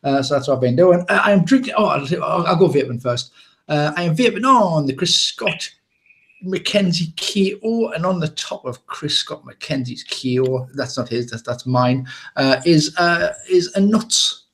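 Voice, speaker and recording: A man's voice: fairly high pitch, measured pace, a bit bright, slight background noise. An English man hosting a casual live chat show, rambling and joking with plenty of restarts. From England. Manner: rambling, jokey, with many restarts. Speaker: podcast host.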